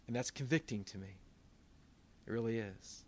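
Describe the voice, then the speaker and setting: A man's voice: medium pitch, moderate pace, slight background noise. Pastor guy preaching to his church, talks casual with little asides. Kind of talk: sermon.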